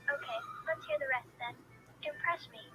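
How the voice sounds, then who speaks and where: High-pitched AI woman narrating role-play. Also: normal speed, music in the background, low-quality recording. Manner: narrates in first person, keeps exclaiming. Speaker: AI chat character. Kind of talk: AI voice chat role-play, narrating own actions.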